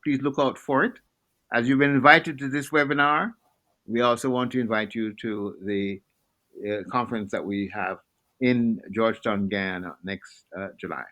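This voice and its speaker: A man speaking as a panelist on a video-call webinar, answering earnestly and inviting people warmly, with many fillers. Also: medium pitch, steady tone, normal speed, poor audio.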